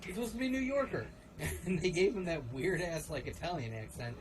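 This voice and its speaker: Animated man chatting over gameplay. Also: a little high, fairly quick, recorded from a distance, crowd noise, rough recording. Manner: animated storytelling, laughs, mimics voices. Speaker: co-host of a let's play stream. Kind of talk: casual chat over gameplay.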